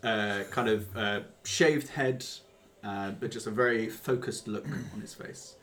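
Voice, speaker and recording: A man's voice: on the low side, fairly even intonation, measured pace, a bit bright. A man narrating as game master of a tabletop game, hesitant and rambling with many ums and uhs. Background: background music.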